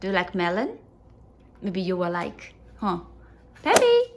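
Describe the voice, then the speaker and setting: A woman at home filming her dog, coaxing it in a high sing-song voice with lots of repeated words. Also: a little slow, very noisy. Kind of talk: casual talk to a dog.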